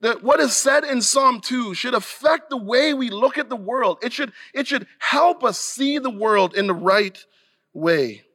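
A man's voice: very high voice, animated, measured pace, pushed and bright. A male pastor preaching a sermon earnestly and emphatically, sometimes restarting a phrase.

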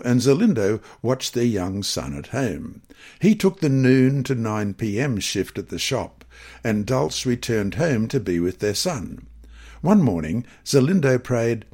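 A man reading scripture passages, study questions and a mission story aloud in a measured, expressive manner. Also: on the low side, slightly rough. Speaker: devotional reader.

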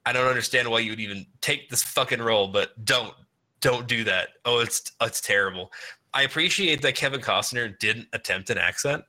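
A man chatting casually, animated and ranting, laughing often. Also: mid-range voice, moderate pace. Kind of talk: casual chat.

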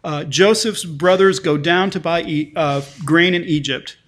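A man's voice: a little high, measured pace, a bit bright. Man preaching with restarts. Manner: conversational, frequent restarts and repeated words; reads scripture passages aloud with lifted emphasis. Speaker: pastor. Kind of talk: sermon.

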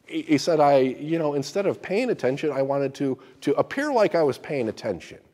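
A man on the high side of pitch, speaking a little fast, is preaching and illustrating scripture with folksy tales. His delivery is animated storytelling that keeps restarting and repeating words.

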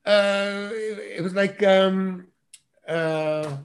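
A man, an actor, telling a casual anecdote animatedly, restarting phrases and punching lines with quick interjections. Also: high-pitched, fairly even intonation. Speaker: actor guest telling a story.

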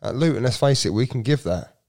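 A man in casual football podcast chat, animated and repeating himself as he argues his view. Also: mid-range voice, quick pace, vocal fry.

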